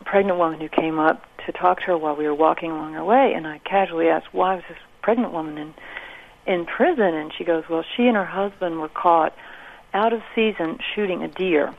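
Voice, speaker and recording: A woman's voice: low-pitched, a little fast, vocal fry. A woman calling in to a radio show, telling a story earnestly over the phone. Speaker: caller. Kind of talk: radio call-in. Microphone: telephone. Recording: tinny phone line.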